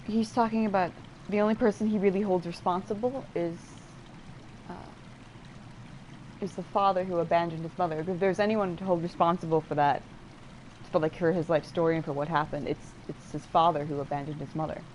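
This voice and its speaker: A woman with a fairly low voice talks through a game as a streamer. She rambles and restarts, piling on fillers as she explains what the story means. Faint noise sits under her voice. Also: steady tone, a little fast, darkish tone. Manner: explains and interprets game dialogue aloud. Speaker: let's play streamer. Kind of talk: casual gameplay commentary.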